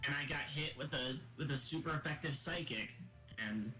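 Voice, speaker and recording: A man's voice: mid-range voice, brisk, sharp tone. A man streaming a game, chatting casually and joking with friends in rambling banter. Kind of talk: casual chat while gaming. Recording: roomy echo with game music.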